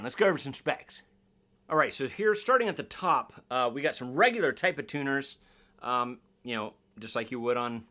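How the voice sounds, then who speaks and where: A man's voice: mid-range voice, bright, forceful tone. A man reviewing a guitar in a casual unboxing vlog, rambling and joking at his own expense. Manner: rambling, self-deprecating, jokey.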